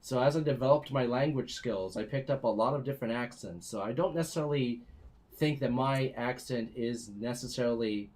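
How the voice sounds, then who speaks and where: Co-host from the US, mid-pitched, casual and joking, trips over his words. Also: a little fast, a little mellow. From United States. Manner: easygoing, joking, stammering restarts. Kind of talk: live-stream Q&A chat.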